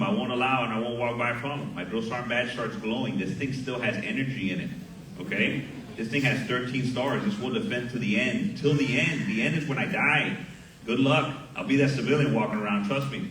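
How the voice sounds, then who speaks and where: A middle-aged sergeant major from Miami giving a graduation speech at a ceremony, speaking into a podium microphone and telling a story with lively acted dialogue. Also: male voice, medium pitch. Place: large hall at a graduation ceremony. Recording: echoey hall heard from far off.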